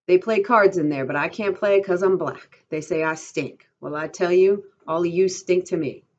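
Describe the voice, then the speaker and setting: A man's voice: high voice, moderate pace, slight background noise, lightly acted. A woman reading a novel aloud to a class, voicing a proud, aloof crippled stable hand who speaks sharply and territorially, on a dull lo-fi recording. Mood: sharp, hostile.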